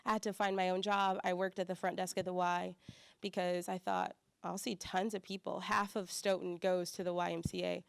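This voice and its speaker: A young woman with a slight Southern accent giving a chatty conference talk as church staff, full of fillers and lively quoted voices. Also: on the low side, normal speed, vocal fry, clean tone, no echo.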